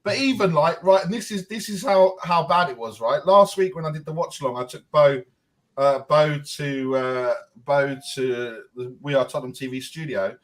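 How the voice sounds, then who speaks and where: A middle-aged man chatting as a co-host, telling lively family stories and laughing often. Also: a little high. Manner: animated storyteller, quick to laugh. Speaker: co-host and football fan. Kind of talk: casual fan chat and storytelling.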